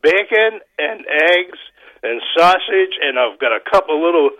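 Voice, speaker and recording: A man's voice: fairly high pitch, lively intonation, a little slow, muffled recording. Chatty male caller on a radio line. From Scotland. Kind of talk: casual phone-in chat.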